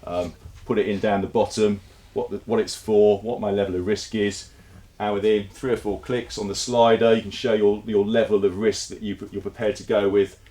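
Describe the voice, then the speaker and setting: A man's voice: on the low side, little pitch movement, normal speed, few pauses, mellow. A man giving a conversational conference presentation to an audience, with fillers and repeated words. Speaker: conference speaker. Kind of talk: presentation talk.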